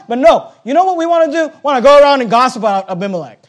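A pastor preaching a sermon, acting out little dialogues and making blunt, joking asides. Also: male voice, very high-pitched, quick pace, hardly any pauses. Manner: animated preaching with acted-out dialogue and rising emphasis.

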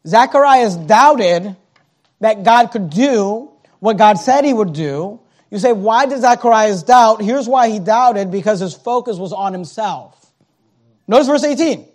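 A man with a very high voice preaches a sermon. He acts out the scripture characters as he goes, dropping to hushed tones and then rising to shouts. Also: expressive, unhurried.

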